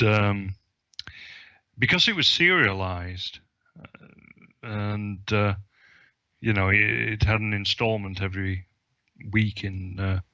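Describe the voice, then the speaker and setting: Bright, lo-fi male podcast host. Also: on the low side, no room sound. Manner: hesitant, many ums and restarts. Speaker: publisher. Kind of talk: casual film discussion.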